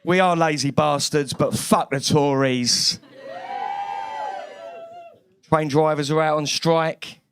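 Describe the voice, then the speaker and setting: A man's voice: on the high side, steady tone, slow pace, pauses often, fairly bright tone, slight background noise. A man from East London with a London accent, doing a brash, cheeky stand-up comedy set on a club stage with lots of swearing.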